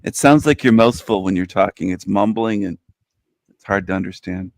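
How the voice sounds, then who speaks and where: Gravelly teasing man. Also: sits low, moderate pace, no echo. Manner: teasing, laughing often. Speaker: regular panelist. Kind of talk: casual teasing chat.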